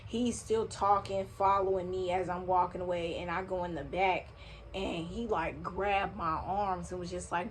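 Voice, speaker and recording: A young woman with a fairly low voice tells a storytime on camera at home, animated and slangy, cursing freely as she goes. A faint hum of household noise sits under her voice. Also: a little slow. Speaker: vlogger. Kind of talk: casual storytime vlog. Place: home room, vacuum running nearby.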